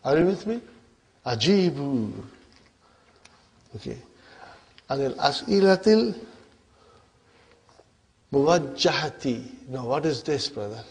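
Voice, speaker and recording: A man's voice: mid-range voice, sing-song, takes it slowly, gravelly, long pauses. A man teaching an Arabic grammar lesson, switching between English and Arabic and often asking his class if they follow. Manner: questioning, checks understanding often.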